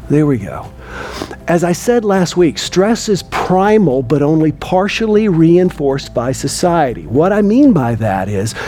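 A man, lecturing a class and quizzing the room with lively, emphatic delivery. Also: fairly high pitch. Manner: lively, asks the room questions. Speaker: teacher.

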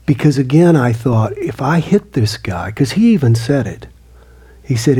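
A man and author giving an earnest storytelling talk, often dropping his voice to a hushed near-whisper. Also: medium pitch, big pitch swings, moderate pace, breathy edge. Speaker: motivational speaker and author.

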